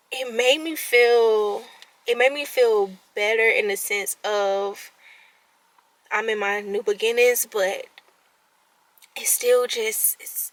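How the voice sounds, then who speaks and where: Young woman venting, bright tone. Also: a little high, no room sound, poor audio. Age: 20s. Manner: candid, expressive, swings between soft and loud. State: voice cracking, close to tears. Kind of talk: emotional personal venting.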